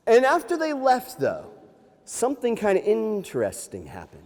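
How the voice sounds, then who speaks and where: A man working as a nature museum storyteller, telling an animated, playful tale to children with sound effects. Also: extremely high pitch, normal speed. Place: library room. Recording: echoey hall.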